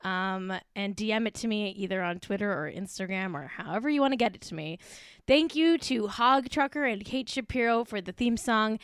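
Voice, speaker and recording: A woman hosting a casual podcast, ranting in a profane, excitable and mock-outraged way. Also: medium pitch, moderate pace, clean tone, no echo, studio quality. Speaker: podcast host.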